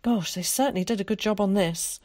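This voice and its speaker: A woman reading aloud, voicing an eager, theatrical schoolboy who loves to show off, in a lively, dramatic way. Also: mid-range voice, fairly quick, dry recording, pitched above the performer's own voice, lightly acted.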